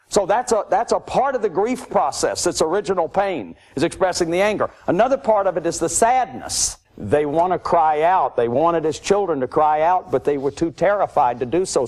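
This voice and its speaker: A man's voice: high-pitched, darkish tone. A man giving an emphatic, repetitive lecture to an audience about emotional abuse and grief. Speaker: lecturer on addiction and recovery.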